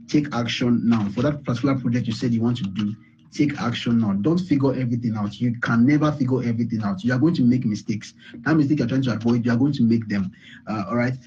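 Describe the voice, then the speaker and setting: A man's voice: medium pitch, dark tone, muffled recording, a little hiss or hum. A man giving a repetitive, emphatic motivational talk on a call, often saying "all right". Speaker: speaker on a group call.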